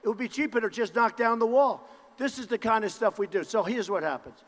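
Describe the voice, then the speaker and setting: A man giving a campaign rally speech, boastful and repetitive, with punchy phrases and bursts of shouting. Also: high-pitched, brisk. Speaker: political candidate at a campaign rally. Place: large indoor rally venue. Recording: long reverb of a large hall.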